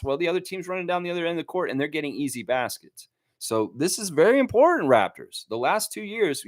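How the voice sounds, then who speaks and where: A man hosting a casual fan livestream, rambling and animated as he talks to his chat. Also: on the high side, no room sound. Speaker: fan channel host.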